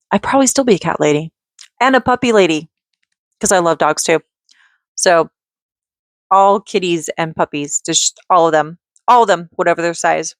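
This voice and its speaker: A woman vlogging in a casual, rambling way, chatty and quick to giggle as she drifts off on tangents. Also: on the low side, no room sound, studio quality. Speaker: vlogger and mother.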